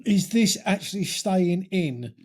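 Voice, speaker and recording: A man's voice: high voice, animated, slow pace. A man co-hosting a casual pub-style podcast chat, teasing and exasperated at his co-host.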